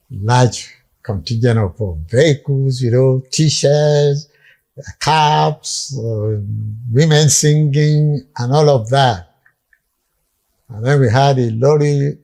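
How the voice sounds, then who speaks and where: A man's voice: medium pitch, dark tone. An older man with a Nigerian accent, a guest recounting past events in vivid storytelling and acting out the dialogue. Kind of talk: storytelling reminiscence.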